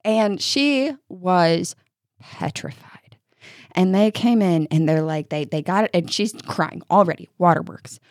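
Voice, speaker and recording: A woman in her thirties co-hosting a podcast, telling stories in a lively way and acting out what people said. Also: lowish voice, measured pace, few pauses, dry recording, clean studio sound. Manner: animated storytelling, acting out quotes. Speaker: podcast co-host. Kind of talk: casual chat.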